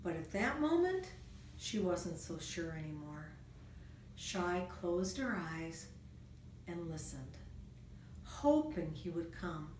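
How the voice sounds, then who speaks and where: A woman reading a children's storybook aloud, gentle and expressive, with a lively rise and fall in her mid-pitched voice. She sits some distance from the mic in a roomy space. A faint hiss runs underneath. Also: takes it slowly, pauses often.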